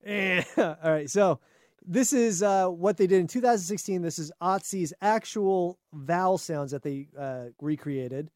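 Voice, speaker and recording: A man with a high voice reads a science story aloud and riffs on it in a loose, jokey chat. The sound is dry and close, with no room around it. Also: unhurried, darkish tone, no room sound. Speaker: podcast co-host. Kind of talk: casual chat, reading news aloud.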